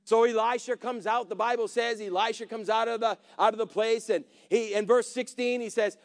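Brief: male preacher, very high voice, animated storytelling sermon with calls to the congregation. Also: normal speed, few pauses.

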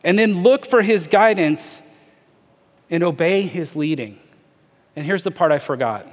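A pastor with a fairly high voice delivers an earnest sermon in a church auditorium. He invites the listeners to imagine things with him and slows down to stress his key phrases. His voice carries a long hall reverb. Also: lively intonation.

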